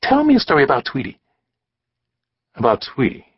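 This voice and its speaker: A man voicing a curious woman who prompts the storyteller for a story, a little higher than his own voice. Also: wildly swooping pitch, fairly quick, breathy edge. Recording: slightly dull studio audiobook recording.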